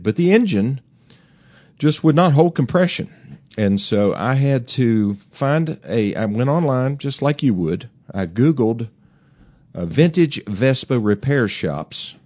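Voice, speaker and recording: A man in his fifties hosts a show in a slow, sing-song, mid-range voice with a dark tone. His casual, folksy chat rambles along with fillers and restarts.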